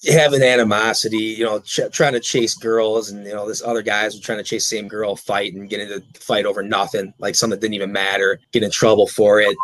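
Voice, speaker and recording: A man's voice: fairly low pitch, no echo, poor audio. A middle-aged man talking earnestly in an interview, rambling a bit and repeating words as he restarts. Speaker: guest, car dealership owner. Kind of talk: casual interview talk.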